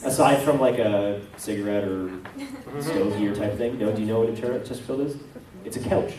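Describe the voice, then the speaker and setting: A man's voice: on the low side, moderate pace, distant mic, crowd noise. Chatty Canadian man in echoey hall. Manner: chatty, self-deprecating, rambling with many asides. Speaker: voice actor panel guest. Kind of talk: convention panel Q&A. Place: convention hall panel.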